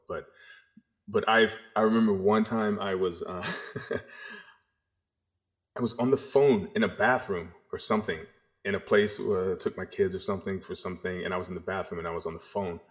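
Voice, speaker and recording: A middle-aged man from the American South with a faint Southern accent, telling stories in a casual interview, rambling and animated with frequent restarts. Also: sits low. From the Carolinas, US South. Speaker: podcast guest.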